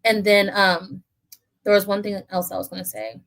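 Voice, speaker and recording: A woman's voice: mid-range voice, level tone, normal speed, vocal fry, a bit bright. A woman hosting a casual podcast conversation, speaking in a thoughtful, reflective way. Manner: thoughtful, reflective, lots of fillers.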